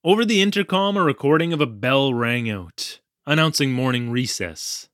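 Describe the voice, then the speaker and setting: Actor as a flustered young teacher in Japan, wry and self-deprecating, very lively pitch, dry close sound. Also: male voice, moderate pace, dry recording, lightly acted. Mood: recounting. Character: flustered young male English teacher recounting an ordeal. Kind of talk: audio drama storytelling narration.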